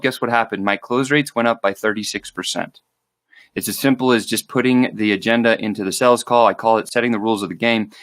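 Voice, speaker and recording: Sales coach, man, mid-pitch, punchy motivational delivery, dry close sound. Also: no room sound. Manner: energetic, emphatic and motivational, acting out sample calls. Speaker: sales trainer. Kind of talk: direct-to-camera sales coaching.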